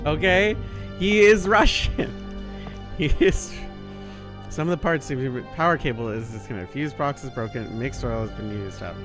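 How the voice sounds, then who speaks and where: A man's voice: mid-range voice, moderate pace, music in the background. A man streaming a video game, joking, swearing and laughing often as he comments. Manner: jokey, laughs a lot, swears, voice jumps around. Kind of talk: casual gameplay commentary.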